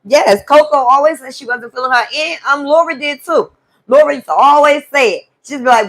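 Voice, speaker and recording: High-voiced woman venting. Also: brisk. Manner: animated, profane storytelling to a live chat. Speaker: live stream host. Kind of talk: casual venting monologue.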